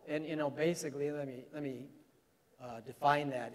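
A pastor preaches in a loose, conversational way, climbing to emphatic, ringing lines when he stresses a point. His voice sits fairly high for a man. It carries a long reverb off the walls of a church sanctuary. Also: normal speed. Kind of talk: sermon.

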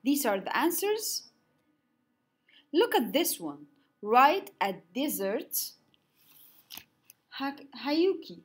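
A woman teaching an online lesson, saying words slowly and stretching them out to clap their syllables. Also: high-pitched, sing-song. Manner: slow, drawn-out words for clapping syllables; some slips and restarts.

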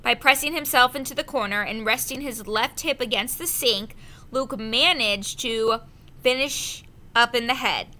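A woman narrates a storybook at an unhurried pace, her voice bright and a touch high. She reads carefully and now and then stumbles over a word before correcting herself. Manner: slow, careful reading with small slips. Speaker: audiobook reader.

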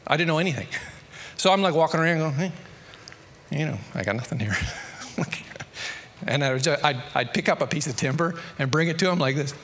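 An Australian pastor preaches in a bright, forceful voice pitched a little high. He talks like he is telling a story, then pushes up to emphatic peaks. A long hall echo trails his words. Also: fairly quick, pauses often, slight background noise. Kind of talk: sermon.

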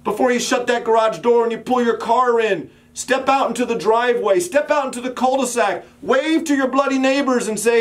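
A man preaching a sermon as pastor, building emphatic repeated calls and sometimes dropping to a soft, quiet storytelling voice. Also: very high-pitched, fairly quick, hardly any pauses.

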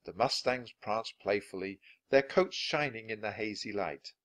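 A man reading a children's chapter book aloud, with clear, expressive narration. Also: on the low side, measured pace. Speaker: storybook reader.

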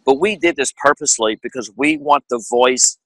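Man, radio co-host, earnest and emphatic, sharp bright tone, dry close sound. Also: medium pitch, moderate pace, dry recording, low-quality recording. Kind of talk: talk show conversation.

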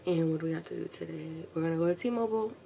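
Young woman, low fry-heavy voice, casual slangy vlogger with a loose mouth, faint hiss behind her. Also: fast talker, warm tone. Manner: chatty, slangy, swears freely, talks to her pet. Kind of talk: casual chat to camera. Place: at home, indoors.

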